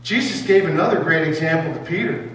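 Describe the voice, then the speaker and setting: A man's voice: on the high side, quick pace, fairly bright tone. A man preaching a sermon as pastor in a church sanctuary, emphatic and firing rhetorical questions at his congregation. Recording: echoey hall, mic far off, faint hum.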